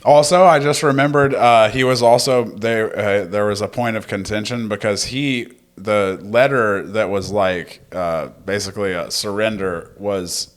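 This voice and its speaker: A man's voice: on the low side, unhurried, hardly any pauses. A man co-hosting a casual history podcast, telling the story loosely and swearing now and then. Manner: laid-back storytelling, acts out quotes, swears freely. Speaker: podcast co-host.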